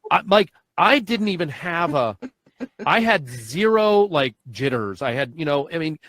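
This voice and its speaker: A man's voice: fairly high pitch, unhurried, dry recording. A man, likely in his forties, a podcast host and first responder, telling stories in casual chat and acting out the dialogue. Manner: animated storyteller acting out quoted dialogue.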